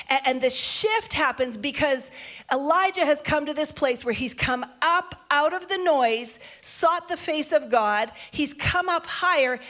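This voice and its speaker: A woman preacher reading a Bible passage aloud and breaking off into animated, conversational commentary. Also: high voice, unhurried.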